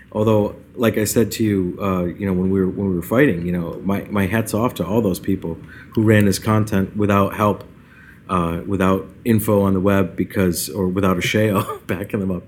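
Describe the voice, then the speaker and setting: A man co-hosting a gaming podcast, teasing his friends and chatting with many hesitations. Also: lowish voice. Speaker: podcast co-host. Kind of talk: casual chat.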